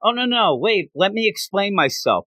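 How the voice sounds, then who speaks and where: A man's voice: high-pitched, big pitch swings, moderate pace, pushed and bright, dry recording, clean studio sound, pitched above the performer's own voice, heavily acted. A man voicing an upset young male college football player who pleads.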